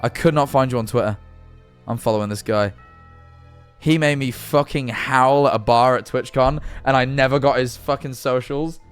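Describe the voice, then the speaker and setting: A male streamer in casual livestream chat, speaking at a middling pitch. He rambles from thought to thought, swears easily and laughs readily, with quiet music playing behind him at his home setup. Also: fairly even intonation, normal speed, clear, resonant tone.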